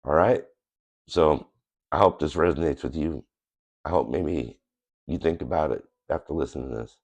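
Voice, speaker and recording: Speaking at a moderate pace in a darkish bass, the host tells his viewers how he came to faith. The cold he's recovering from leaves him nasal, and his account is earnest, plain-spoken and meandering.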